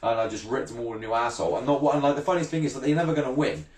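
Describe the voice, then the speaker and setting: A man's voice: mid-range voice, fairly even intonation, racing, a little mellow, reverberant. A brash man in his thirties, ranting bluntly and swearing freely in a casual vlog, often laughing. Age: 30s. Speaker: fishing channel vlogger.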